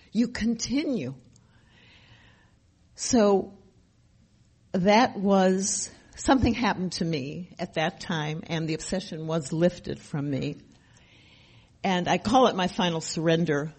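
Slow, husky older woman giving testimony. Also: on the low side, darkish tone. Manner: emphatic, repetitive, with rhetorical questions. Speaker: speaker sharing her recovery story. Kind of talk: personal testimony at a recovery meeting.

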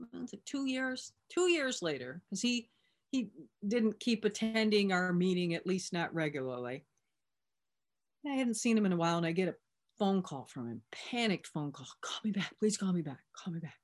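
A woman speaking as a recovery sponsor, telling a personal story in a conversational way and retelling back-and-forth dialogue. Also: medium pitch. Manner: conversational, with fillers and restarts.

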